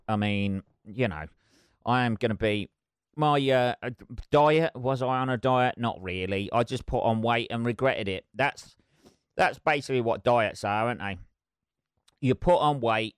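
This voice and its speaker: A man's voice: fairly low pitch, clear, resonant tone, no room sound, clean studio sound. A middle-aged man hosting his solo podcast, rambling, sweary and self-mocking. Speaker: podcast host. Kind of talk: casual solo podcast chat.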